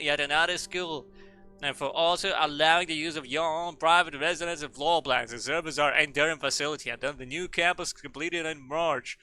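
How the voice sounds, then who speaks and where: A man's voice: on the high side, pushed and bright, smooth, voice pushed up. A man voicing a pompous ancient male headmaster giving a grandiose farewell speech. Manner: grandiose, theatrical oratory.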